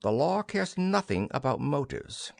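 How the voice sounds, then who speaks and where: A man's voice: on the high side, very animated, unhurried, gravelly, no room sound, heavily acted. Stern blackmailing lawyer, read by a man, cold, threatening, dry sound. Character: stern middle-aged male lawyer, blackmailer.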